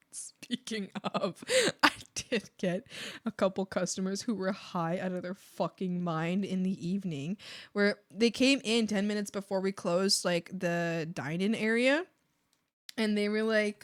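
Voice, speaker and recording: A woman's voice: medium pitch, fairly bright tone, clean tone. A woman streamer chatting casually while she draws, bubbly and giggly, with lots of "like" fillers. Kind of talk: casual chat while drawing.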